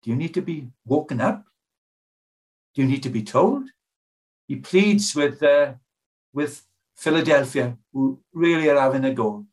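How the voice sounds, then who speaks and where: A man's voice: medium pitch, lively intonation, a little slow, pauses often, a little mellow. An older British man preaching a sermon in an earnest, pleading way, asking his hearers many questions.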